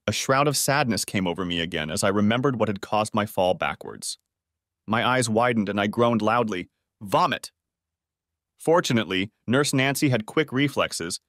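A man narrating a first-person story in a steady storytelling manner, close to the mic. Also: on the low side, no echo.

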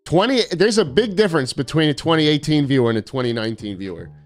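A man's voice: a little high, animated, quick pace, faint music behind. A young man streaming casually, reading viewer postcards aloud with sarcastic, mock-arrogant jokes.

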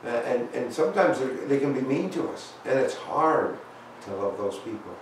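A man gives a children's talk in a church sanctuary, folksy and halting with lots of fillers. His voice echoes strongly through the big room. The mic sits far away and a faint hum of the room runs underneath. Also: mid-range voice, very animated. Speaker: pastor giving children's talk. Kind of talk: children's sermon with storybook.

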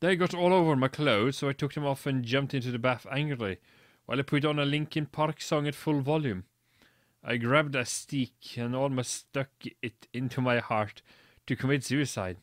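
A man's voice: mid-range voice, normal speed, no echo, clean studio sound. A man reading a badly written story aloud for comedy, mocking it and stumbling over its misspellings. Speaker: reader.

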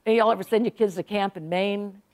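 A woman's voice: medium pitch, fairly even intonation, fast talker, darkish tone. A woman, an author telling humorous stories to a live audience at a library, chatty and laughing often. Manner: chatty, laughs often, acts out quoted voices. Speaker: author giving a talk. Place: public library event room.

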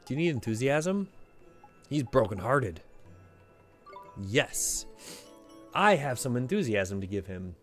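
Male let's play host, jokey asides, very lively pitch, faint game music. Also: takes it slowly, pauses often. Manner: playful, joking asides. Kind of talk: casual gameplay commentary.

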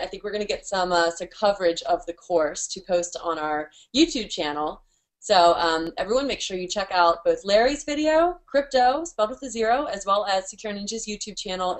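A woman's voice: medium pitch, a little fast. A woman hosting an interview, asking questions and giving an upbeat promotional wrap-up. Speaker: interview host.

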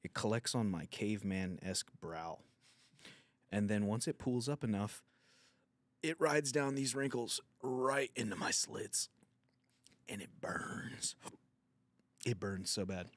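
A man's voice: fairly low pitch, a little slow, dry recording. A man hosting a podcast, riffing in a crude, rambling, irreverent comedic monologue. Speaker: podcast host.

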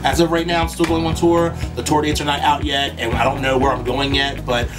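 A man's voice: mid-range voice, flat delivery, brisk, far from the mic, over music, low-quality recording. A young man talking straight to his viewers in a casual reaction vlog, tearful and crying at times, emotional and swearing freely. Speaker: YouTube music reactor.

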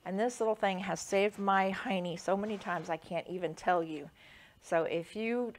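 A woman's voice: mid-range voice, fairly even intonation, moderate pace, a little hiss or hum. A woman quilter chatting casually through a sewing demonstration, rambling with lots of fillers.

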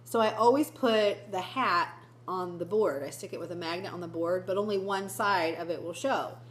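A woman's voice: lowish voice, moderate pace, slight background noise. A woman teacher in casual vlog chat, telling stories with giggles, filmed on a handheld camera in a classroom. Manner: chatty, giggly storytelling. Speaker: first grade teacher.

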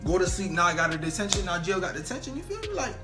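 A man's voice: sits high, big pitch swings, rapid-fire, music in the background. A young man telling a funny storytime vlog in slangy casual talk, full of "bro" and "you know what I'm saying". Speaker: storytelling vlogger.

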